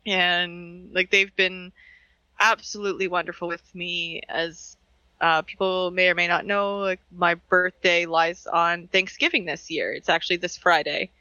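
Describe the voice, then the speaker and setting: High, bright-voiced sentimental man. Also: level tone, a little slow, clear, resonant tone, no room sound, dull audio. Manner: earnest, openly sentimental. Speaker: podcast co-host. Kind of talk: heartfelt casual podcast chat.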